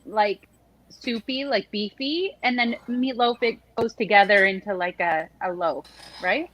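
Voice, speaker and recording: A woman's voice: medium pitch, measured pace, a bit bright, poor audio. A woman from Canada chatting on a group show, playful and teasing with the others. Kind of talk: casual chat.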